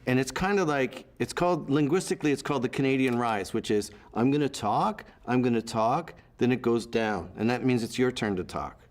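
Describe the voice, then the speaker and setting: A man recalling his film career in an interview, telling animated stories with quoted voices. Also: medium pitch, a little fast, hardly any pauses. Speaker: actor being interviewed. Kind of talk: anecdotal interview storytelling.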